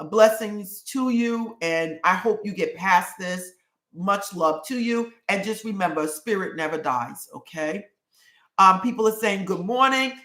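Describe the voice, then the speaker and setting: A woman's voice: medium pitch, sharp tone, reverberant. A woman hosting a casual livestream, reading out viewer comments and repeating her enthusiasm over and over. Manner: effusive, repeats "I love it" often.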